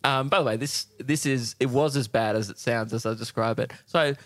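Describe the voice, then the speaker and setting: A man with an Australian accent, a comedian co-hosting a podcast, telling deadpan anecdotes. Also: medium pitch, brisk, dry recording. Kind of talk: casual podcast banter.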